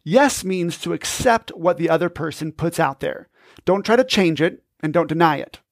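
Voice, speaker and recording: A man's voice: fairly high pitch, lively intonation, normal speed, gravelly, no room sound. A man hosting a podcast, giving scripted, upbeat, instructive narration into a close mic. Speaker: podcast host.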